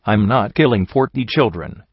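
A man's voice: fairly low pitch, expressive, normal speed, husky, dry recording. A man voicing a young mare pony hero, strained and emotional, in a dull, dry audiobook recording. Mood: anguished.

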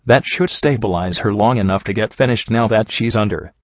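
A man reading the lines of a brisk female pegasus surgeon giving curt instructions in a storybook reading. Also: fairly low pitch, no echo, dull audio, close to an everyday voice.

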